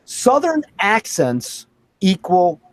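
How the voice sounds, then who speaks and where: Animated storytelling male host, dry sound. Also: high-pitched, slow pace, dry recording. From Philadelphia area. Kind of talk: casual chat.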